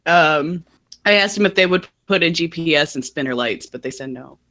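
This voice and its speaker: A woman's voice: sits low, animated, moderate pace, a bit bright. A woman co-hosting a podcast, chatty and self-mocking, telling a personal story with frequent laughs. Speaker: podcast co-host. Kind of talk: casual chat, storytelling.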